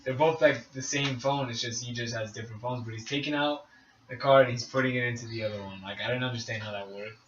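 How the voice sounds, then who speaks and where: A young man co-hosting a podcast, telling a rambling story among friends with halting restarts, frequent laughs and casual swearing. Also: mid-range voice, steady tone, a bit bright, lo-fi sound. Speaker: podcast co-host. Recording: roomy echo, distant mic, faint room hiss.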